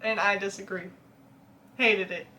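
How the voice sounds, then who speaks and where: A woman's voice: medium pitch, fairly even intonation, unhurried, bright, forceful tone. A young woman, chatting casually and laughing often as a book vlogger reacts to reviews.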